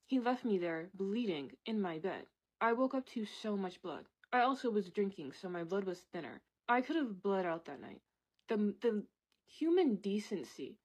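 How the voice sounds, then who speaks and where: A woman's voice: lowish voice, poor audio. A young woman telling a personal story in a candid, chatty way, with lots of "like" and "literally". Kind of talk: casual storytime monologue.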